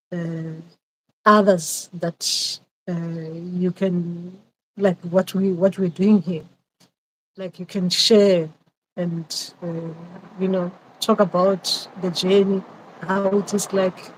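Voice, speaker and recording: A woman's voice: mid-range voice, darkish tone, low-quality recording. Hesitant woman chatting live outdoors. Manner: hesitant and reflective, many pauses and repeated phrases. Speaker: spiritual advisor hosting a live chat. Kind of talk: casual livestream chat.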